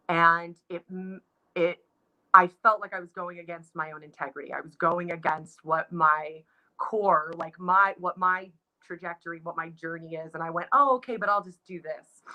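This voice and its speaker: A woman in her thirties speaks in a bright, clear voice. She talks casually and reflectively about her dancing life, full of fillers and self-corrections. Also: on the low side, low-quality recording. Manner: reflective, gets emotional, many restarts and likes. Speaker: guest, Broadway dancer. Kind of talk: casual interview chat.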